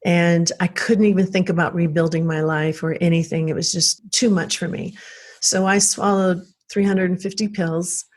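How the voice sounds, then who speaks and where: A woman's voice: lowish voice, steady tone, moderate pace, darkish tone. Earnest woman telling her own story. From South Texas. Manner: earnest, emotional, reflective. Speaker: guest. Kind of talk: personal storytelling.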